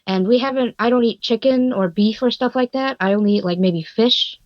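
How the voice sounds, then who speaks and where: Woman, podcast guest, mid voice, casual and animated storyteller, dull dry lo-fi audio. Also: on the high side, a little fast, no room sound. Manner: animated, swears freely, laughs while telling.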